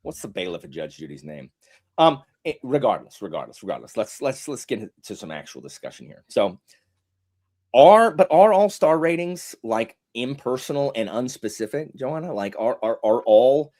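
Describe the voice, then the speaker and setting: A man's voice: medium pitch, very animated, normal speed, darkish tone. A man hosting a mock courtroom chat, teasing and playfully theatrical. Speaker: host.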